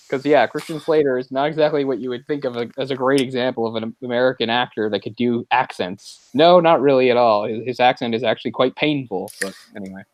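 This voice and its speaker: A man's voice: medium pitch, quick pace, few pauses, dry recording. Rambling man in casual movie chat. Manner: rambling, laughs often, searches for words. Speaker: podcast co-host.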